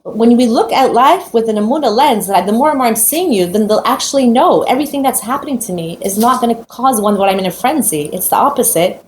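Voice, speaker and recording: A woman with a somewhat high voice teaches Torah through an animated personal story and acts out each person's lines. She talks fast. The recording is roomy and echoey, with faint noise underneath.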